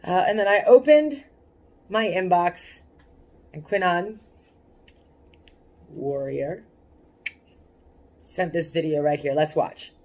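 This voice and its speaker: A woman's voice: on the low side, slow, long pauses, a little mellow. A young woman hosting her own cannabis activism webcast from a small home setup, talking earnestly to viewers, moved and stumbling over her words. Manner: emotional, earnest, restarts often. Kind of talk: casual webcast talk to viewers.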